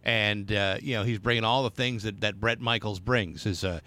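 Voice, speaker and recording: A man's voice: on the low side, fairly even intonation, normal speed, bright, forceful tone. A man co-hosting a casual podcast chat, wry and teasing, often restarting his sentences. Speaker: podcast co-host.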